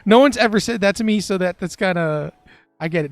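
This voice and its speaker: A man's voice: high voice, animated, normal speed, gravelly, faint music behind. A young man who trades live on a stream, chatting casually with his chat and laughing often.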